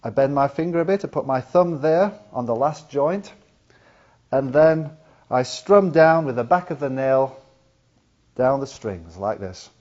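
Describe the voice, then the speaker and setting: A man with a medium-pitched, darkish voice teaches ukulele in an animated but slightly slow way, patiently explaining each step and counting beats aloud as he demonstrates. The lesson is a slightly dull lo-fi video, with ukulele playing in the background.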